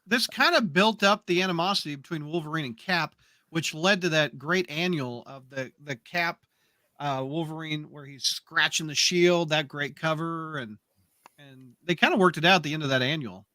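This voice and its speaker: Bright, sharp-voiced man chiming in. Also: on the high side, normal speed, dry recording. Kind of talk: casual chat.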